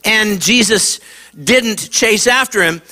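A male pastor preaching a sermon to kids at a church campus, telling the story with animated delivery. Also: high voice, takes it slowly. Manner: animated storytelling, acts out quotes.

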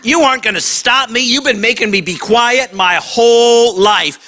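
A man voicing a desperate blind beggar who shouts and pleads for help. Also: extremely high pitch, normal speed, a little hiss or hum. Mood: defiant.

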